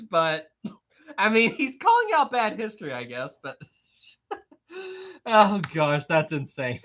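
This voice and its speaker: Lively woman chatting on a live stream. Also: medium pitch. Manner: chatty, laughs often, many restarts. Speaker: live-stream host reading chat. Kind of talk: casual live-stream chat.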